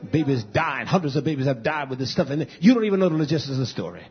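A man preaching a fiery sermon, blunt and repetitive, swinging between shouts and low mutters, on a muffled lo-fi recording. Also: very animated, fast, breathy edge.

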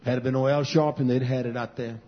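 A man preaching a sermon as pastor, impassioned and swinging between loud and hushed passages. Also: medium pitch, fairly even intonation, fairly quick. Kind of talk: sermon to a live stream. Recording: dull lo-fi recording.

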